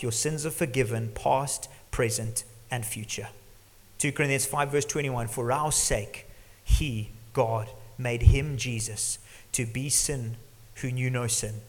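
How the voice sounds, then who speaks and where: Preaching man in a reverberant hall. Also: medium pitch. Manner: earnest preaching, drops to a hush for emphasis. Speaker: pastor. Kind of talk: sermon. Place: church hall. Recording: long church reverb.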